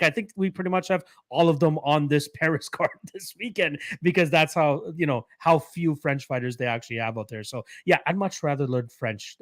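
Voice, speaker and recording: A man's voice: fairly high pitch, a bit bright, no echo. Laid-back Canadian guy chatting. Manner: laid-back rambling with frequent fillers and laughs. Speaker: podcast co-host. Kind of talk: casual chat.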